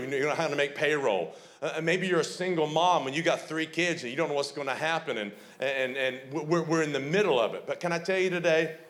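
A man's voice: fairly high pitch, fairly bright tone. A man preaching a sermon as a pastor, fervent and emphatic. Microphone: streamed online sermon.

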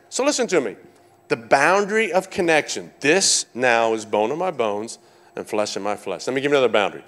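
A man preaching a sermon, animated, calling out to his congregation and repeating phrases for emphasis. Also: medium pitch, a little fast. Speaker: pastor.

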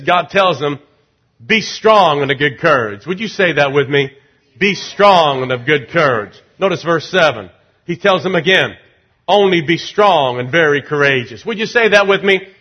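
Husky-voiced preaching pastor, man. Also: lively intonation, moderate pace, lo-fi sound. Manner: preaching with call-and-response, swinging from loud climaxes to low confiding tones. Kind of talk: sermon.

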